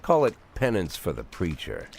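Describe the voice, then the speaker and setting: Sixty-year-old police chief, very deep voice, lively swings in pitch, dry sardonic game narration. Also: male voice, normal speed, gravelly, slight background noise, heavily acted. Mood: world-weary. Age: 60s. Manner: dry, sardonic inner monologue. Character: aging gruff male police chief, cynical, world-weary.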